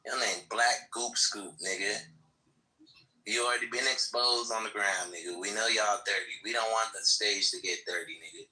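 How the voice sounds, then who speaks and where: A man's voice: fairly low pitch, bright, forceful tone, low-quality recording. A man in an online voice-chat argument, mocking and insulting another speaker. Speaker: voice chat participant.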